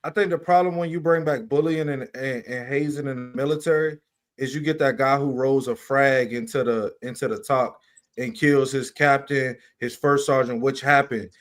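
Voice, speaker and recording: A military veteran on a panel, measured as he tells of his old unit. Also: mid-range voice, steady tone. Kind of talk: panel debate.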